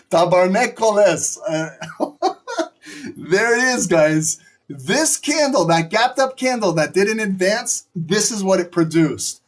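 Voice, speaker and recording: Brief: male live-stream trading host, fairly high voice, excitable and profane play-by-play. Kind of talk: live market commentary.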